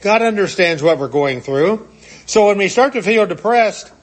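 A man's voice: sits high, animated, normal speed. A man preaching a sermon, earnestly retelling a scripture story and acting out its quotes.

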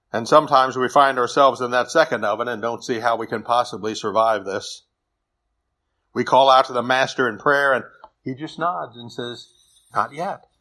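A man preaching a sermon in an earnest, measured way. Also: medium pitch, sharp tone. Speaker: pastor.

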